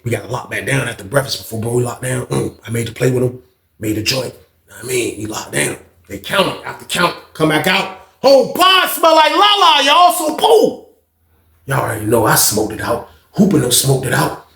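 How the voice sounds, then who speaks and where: A man telling a story in casual, animated, profane talk, acting out other people's voices. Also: medium pitch, brisk, gravelly, roomy sound.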